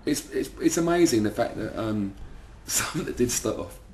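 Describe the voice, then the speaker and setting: A man's voice: mid-range voice, expressive, normal speed, darkish tone, slight background noise. A man, telling rambling, swearing anecdotes in an interview. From London, second generation Irish. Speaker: band member. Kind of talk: casual interview storytelling.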